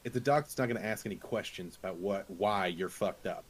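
A man plays a tabletop game, speaking in character in a blunt, matter-of-fact way. His voice sits a little low. A faint hiss runs under the recording. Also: a little fast.

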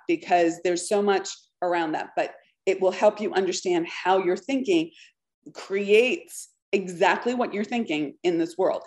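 A woman hosting her own podcast, coaching listeners in a lively talk that keeps checking in with "okay". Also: mid-range voice. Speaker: podcast host, business coach.

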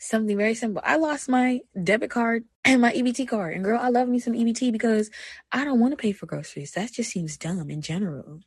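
A young woman hosting a personal podcast, talking candidly. She moves between soft reflection and animated self-talk. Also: a little high, fast talker, husky, dry recording. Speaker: podcast host.

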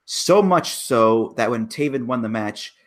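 A man's voice: mid-range voice, animated, measured pace. A man co-hosting a podcast in casual chat, laying out opinions and stressing key words. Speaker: podcast co-host.

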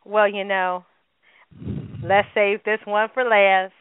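Animated woman on a tinny line. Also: mid-range voice, slow, clear, resonant tone, dry recording. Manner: animated, laughing, emphatic. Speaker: co-host. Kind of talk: casual chat. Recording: tinny phone-like sound, dry.

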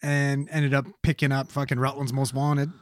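A man in his thirties in casual chat, telling animated, profane stories. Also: mid-range voice, normal speed, dry recording, clean studio sound.

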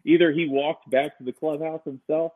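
A man telling stories about directing a film shoot in a casual, rambling chat, full of fillers and lively quoted asides. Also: fairly high pitch, moderate pace, husky, no echo, low-quality recording.

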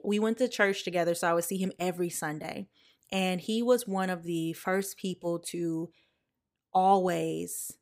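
A young woman hosting a podcast, telling a personal story in a candid, conversational way. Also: lowish voice. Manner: candid, conversational, emotional at times. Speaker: podcast host.

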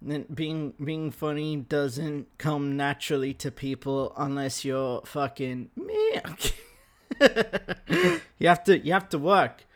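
A man's voice: a little high, very animated, slow pace. A young Australian man hosting a podcast, ranting casually and profanely into a microphone with bursts of laughter. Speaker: podcast host. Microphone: studio microphone.

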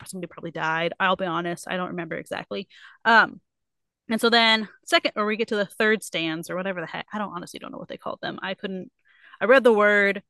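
Bright, crisp young woman retelling a story. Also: mid-range voice, dry recording. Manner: animated retelling with quick put-on quotes, many fillers. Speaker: podcast co-host. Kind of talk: casual book club chat.

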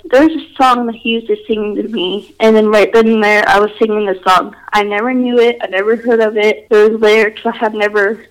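A woman's voice: on the high side, poor audio. A woman telling her own ghost experiences in casual, rambling talk, full of "like" and restarts. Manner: rambling, filler-heavy, says "like" often. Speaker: storyteller. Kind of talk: casual personal storytelling.

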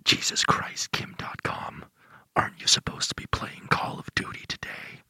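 A man's voice: moderate pace, pushed and bright, no room sound. A man whispering as a taunting hacker thug in whispered role-play. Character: male hacker gang member, taunting and crude.

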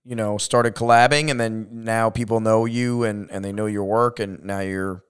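A man from Long Island hosting a casual podcast interview, chatty and upbeat, often trailing off quietly. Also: fairly low pitch, steady tone, normal speed, clean tone. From Long Island, New York. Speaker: podcast host.

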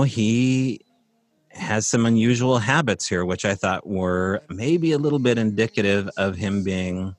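A man's voice: low-pitched, no echo. A man casually telling a long, rambling story from his rural property, with many fillers and restarts.

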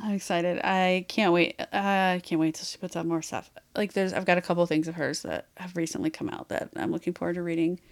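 A woman's voice: lowish voice, steady tone, brisk, creaky, hardly any pauses. A woman co-hosting a podcast in casual chat, giggly and gushing, openly emotional as she talks. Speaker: podcast co-host.

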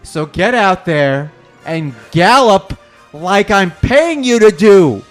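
A man's voice: high-pitched, big pitch swings, takes it slowly, faint music behind. A man doing improv comedy, delivering a crude, aggressive mock pep talk. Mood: angry. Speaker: podcast guest.

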